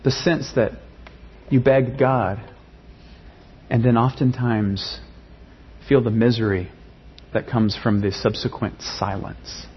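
A man's voice: mid-range voice, steady tone, slow, long pauses, husky, lo-fi sound. A man preaching a sermon in an earnest way, often repeating words and rising into passionate pleading. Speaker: pastor.

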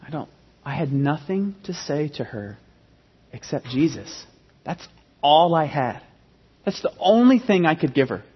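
A man in his thirties preaching a sermon as pastor, emphatic and animated, often restarting his phrases. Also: a little high, measured pace, pauses often, husky. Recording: dull sound with long hall reverb.

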